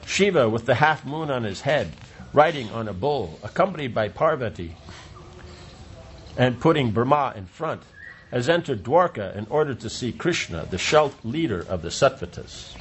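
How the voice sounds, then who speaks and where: A man's voice: medium pitch, expressive, normal speed, slight background noise. A man reading a devotional play aloud, with stage directions, footnotes and brief offhand asides. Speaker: reader.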